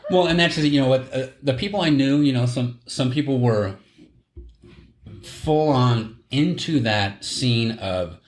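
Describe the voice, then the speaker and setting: In an unhurried, mid-range voice, a middle-aged man hosting a podcast spins a lengthy story in casual conversation. He wanders, fixes his own details, and chuckles at the tale, all with a roomy echo.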